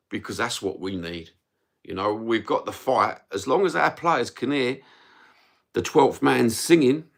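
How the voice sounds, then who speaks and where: Middle-aged bloke, gravelly voice, impassioned live-stream rant, slangy and sweary, mid-pitched. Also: male voice, a bit bright. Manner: impassioned, swearing, slangy, rhetorical questions to viewers. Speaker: football fan live-streamer. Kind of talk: ranting live stream monologue.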